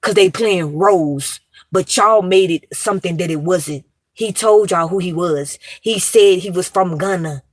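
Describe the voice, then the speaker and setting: A woman's voice: lowish voice, unhurried, no echo. A woman, ranting emphatically and profanely to her viewers. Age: 30s. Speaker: vlogger.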